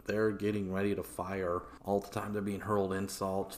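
A man's voice: deep voice, monotone, normal speed. A man hosting a history podcast, retelling events in a loose, profane, conversational way. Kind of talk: casual history narration.

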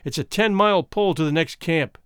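A man's voice: on the high side, brisk, fairly bright tone, smooth, no echo, studio quality, natural voice. Womble, a man voicing a grim blunt miner. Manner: blunt, commanding, threatening. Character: grim, forceful man defending a sick woman.

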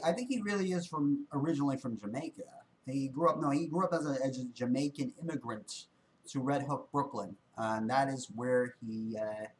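A man talking through a music video reaction in a relaxed, wry way, often circling back over his own words. His voice sits a little high for a man. A faint hum of room noise runs underneath. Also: poor audio. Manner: laid-back, wry, often repeats words while thinking. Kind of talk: casual reaction commentary.

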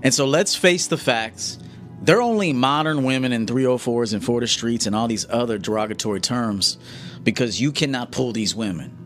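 A man coaching his audience in a live-stream monologue, blunt and confrontational, often checking "okay?". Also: medium pitch. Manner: blunt, lecturing, confrontational, keeps asking "okay?".

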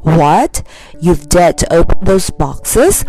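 A woman's voice: medium pitch, sing-song, normal speed, lightly acted. A woman voicing an angry, commanding old male wizard in a storybook reading, over faint music. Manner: commanding, indignant shouting.

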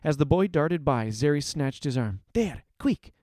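A man narrating a story aloud in a measured, expressive reading voice. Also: a little high, no room sound, clean studio sound. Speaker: story reader.

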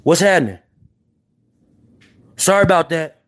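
Brash high-voiced man from Chicago. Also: animated, unhurried, a bit bright. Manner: brash, street slang, keeps repeating apologies. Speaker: livestream host. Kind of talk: casual livestream chat.

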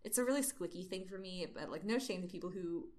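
A woman's voice: lowish voice, lively intonation, fast, a little mellow. A young woman co-hosting a casual chat, reading fan fiction narration aloud and talking in a loose, filler-heavy way. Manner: chatty, many fillers, laughs easily. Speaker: podcast co-host.

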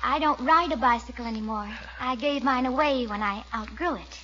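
A young actress playing a polite, composed teenage niece in 1940s radio acting style. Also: female voice, fairly high pitch, normal speed, pushed and bright. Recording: dull old radio recording with faint hiss.

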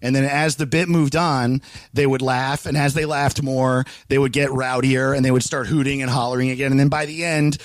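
A man's voice: a little high, dry recording. Laughing, foul-mouthed male comedian. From Los Angeles. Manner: laughs often, swears freely, animated retelling. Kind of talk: casual storytelling chat.

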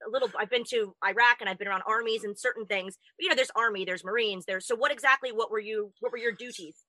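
A woman's voice: a little high, fast, pushed and bright, no echo. A woman hosting an interview show who talks in a gushing, enthusiastic way. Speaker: show host. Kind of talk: casual interview chat.

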